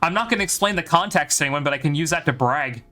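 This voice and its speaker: A man's voice: a little high, animated, quick pace, pushed and bright, soft background music. A man from Ireland with a light Irish accent, commentating a live game stream and joking with his viewers in a chatty, bragging way.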